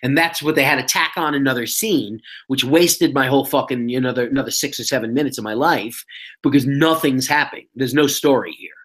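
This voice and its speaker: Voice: mid-range voice, a little fast. Blunt, exasperated podcast host. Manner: blunt, exasperated, swears, mocks what is quoted. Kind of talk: casual chat.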